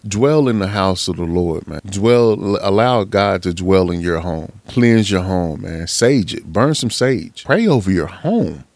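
Low-voiced man giving casual pep talk. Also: animated, measured pace, hardly any pauses, darkish tone, no room sound. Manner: preachy, repetitive, slangy, calls listener man. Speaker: motivational speaker.

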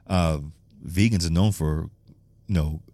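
A man's voice: deep voice, a little slow, warm tone, no echo, clean studio sound. A man hosting a casual solo podcast, rambling and swearing, laughing often and restarting his sentences. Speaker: podcast host.

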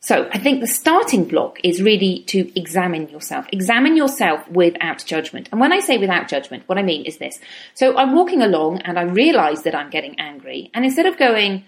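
A middle-aged woman giving a calm, reflective self-help talk and slowing down on key words. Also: lowish voice.

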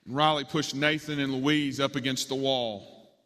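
A man's voice: mid-range voice, steady tone, normal speed, fairly bright tone. A man preaching, telling a story dramatically as part of a sermon, in a large hall with long reverb.

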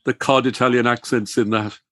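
A man's voice: mid-range voice, level tone, brisk, fairly bright tone, dry recording. A man hosting a casual book discussion and steering it with questions. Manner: leads with questions, chatty and inquisitive. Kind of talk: casual chat.

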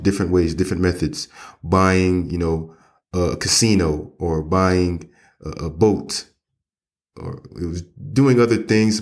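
Man, very deep voice, relaxed English lesson podcast, chatty and rambling. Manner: conversational, rambling, frequent fillers and restarts. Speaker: English teacher and podcast host. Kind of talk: casual spoken lesson.

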